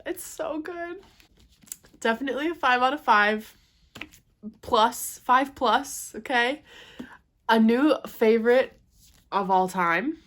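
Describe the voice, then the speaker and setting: A young woman chatting at home in a casual book vlog, gushing and excitable. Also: fairly high pitch. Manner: gushing and excitable, quick to squeal. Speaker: book vlogger.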